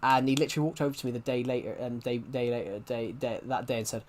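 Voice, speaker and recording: A man in his twenties chats casually to his live-stream viewers while playing. He rambles and restarts his sentences often. His voice sits at an ordinary mid pitch for a man. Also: steady tone, fast talker, darkish tone. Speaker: game streamer.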